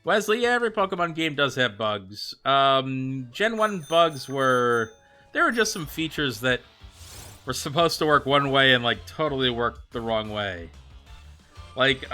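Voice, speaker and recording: A man's voice: mid-range voice, bright, forceful tone. A man streaming and chatting casually with viewers, rambling with plenty of fillers and answering them by name. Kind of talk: casual livestream chat.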